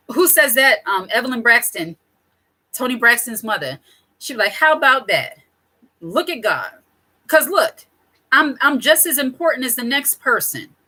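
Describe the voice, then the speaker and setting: A woman in her thirties talks straight to her viewers in a loose, candid way, stopping to correct herself and laughing softly along the way. Her voice sits a touch high, with a bright, forceful edge. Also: expressive, moderate pace, pauses often. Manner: candid, chatty, self-correcting with small laughs. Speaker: channel host. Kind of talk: casual talk to camera.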